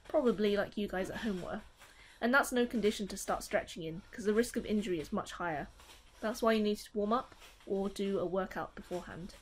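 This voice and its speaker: A young woman narrates a follow-along taekwondo stretching session, steady and encouraging as she calls each exercise. Her pitch sits in the middle range. A faint noise floor runs under the voice. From United Kingdom. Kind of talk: instructional voice-over.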